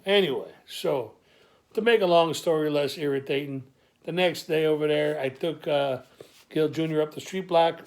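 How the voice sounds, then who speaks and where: A man's voice: fairly high pitch, moderate pace. Wisecracking man. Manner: streetwise, wisecracking, stammering asides. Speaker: comic monologuist. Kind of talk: improvised comic storytelling.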